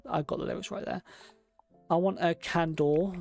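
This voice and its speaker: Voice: medium pitch, steady tone, normal speed, gravelly, long pauses, darkish tone, faint music behind. A game streamer, chatting casually and thinking aloud while decorating a room in a game. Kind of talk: casual gameplay commentary.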